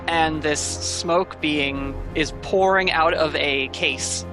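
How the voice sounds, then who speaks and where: A man narrating a tabletop game as game master, describing scenes in a steady, detailed way. His voice sits a little high. Music plays clearly behind him. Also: slow, poor audio.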